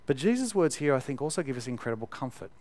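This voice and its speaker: A man's voice: mid-range voice, big pitch swings, very fast, darkish tone. Man preaching conversationally. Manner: conversational, emphatic, with fillers and repeated words. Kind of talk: sermon.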